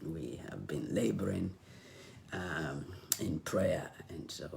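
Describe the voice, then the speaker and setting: Hoarse man, slow scratchy motivational talk. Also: extremely low pitch, lively intonation, a little mellow. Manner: slow and reflective, often drops to a near-whisper. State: hoarse, losing his voice. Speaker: online motivational speaker. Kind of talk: live-streamed motivational talk.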